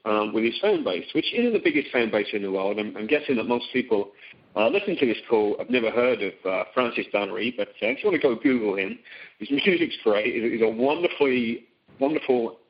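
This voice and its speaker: A man's voice: medium pitch, expressive, brisk. A middle-aged man speaking on a phone seminar, talking casually with many ums and restarts. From Britain. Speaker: teleseminar guest. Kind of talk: conversational phone seminar talk. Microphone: phone call. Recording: dull lo-fi call audio.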